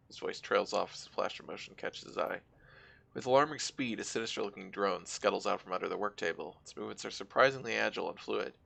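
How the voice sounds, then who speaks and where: This streamer has a lowish, gravelly voice and talks fast as he reads the game's text out loud. Between stretches of even narration, he tosses in casual asides.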